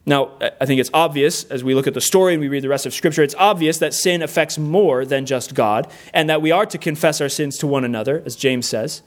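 A man's voice: fairly high pitch, a little fast, few pauses. A middle-aged man preaching a sermon, earnest and plainspoken, with rhetorical questions. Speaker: pastor.

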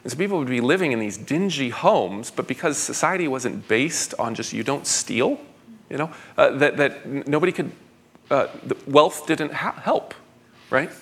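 A man's voice: mid-range voice, animated, moderate pace, fairly bright tone. A man, a pastor, answering audience questions at a conference in an eager, rambling way with frequent stammered restarts.

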